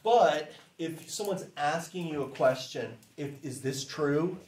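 A man teaching a class in a relaxed, chatty way, saying phrases slowly for students to repeat. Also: on the high side, echoey room. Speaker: language teacher.

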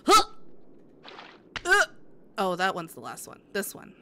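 A woman's voice: mid-range voice, wildly swooping pitch, a little slow, sharp tone, a little hiss or hum. A woman game streamer in casual live-stream chat, answering her viewers with sympathy and rambling through many restarts.

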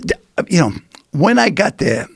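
Gravelly older man telling animated stories. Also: a little high, moderate pace, dry recording, studio quality. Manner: animated, stammering restarts, acts out quotes. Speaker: podcast guest. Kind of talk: comic storytelling. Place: podcast studio.

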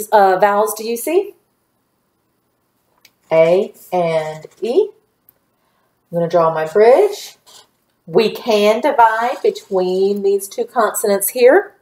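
Woman teacher doing phonics with kids, super slow and patient, roomy echo. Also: medium pitch, dark tone. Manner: slow, patient, encouraging, drawing out words. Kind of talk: phonics lesson for young children.

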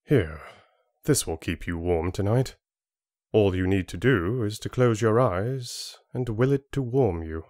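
A man voicing a calm, patient middle-aged father with a measured, gentle way of speaking in an audiobook. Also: fairly low pitch, no room sound, clean studio sound.

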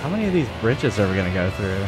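A man streaming a game, joking and thinking out loud as he plays. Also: fairly low pitch, sing-song, very fast, music in the background. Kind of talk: casual gameplay commentary.

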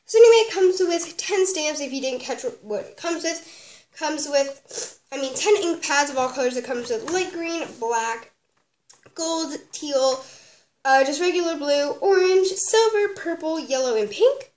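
High-voiced chatty craft vlogger, echoey room. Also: female voice, animated, unhurried, darkish tone. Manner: bubbly, rambling with many "like" and "um". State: sniffly from a cold. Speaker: craft vlogger reviewing a kit. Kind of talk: casual chatty tutorial. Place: at a craft desk at home. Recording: echoey room, faint background noise.

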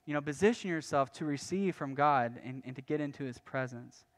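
A pastor preaching a sermon in a casual, conversational way, often restarting phrases and adding light asides. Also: male voice, fairly high pitch, fairly quick. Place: church.

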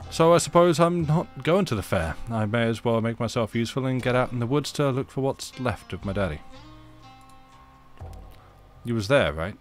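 A man's voice: medium pitch, expressive, normal speed, faint music behind, natural voice. A man reading the lines of a grieving young man whose father has died, in his own plain voice without any accent. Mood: earnest. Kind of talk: reading game dialogue aloud.

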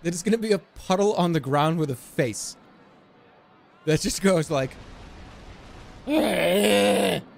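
A man live-streaming, rambling excitedly and swearing freely in casual chat. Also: on the high side, moderate pace, long pauses.

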